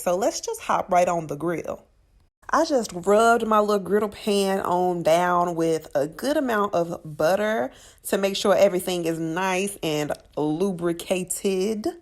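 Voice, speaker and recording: A woman hosting a cooking channel, talking through her recipe in a sassy, chatty voice-over and calling her viewers honey and child. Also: fairly low pitch.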